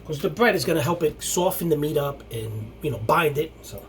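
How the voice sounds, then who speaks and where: A man hosting a casual home cooking video, talking in a rambling, halting way with many restarts. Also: on the high side, expressive, background noise. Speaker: cooking show host.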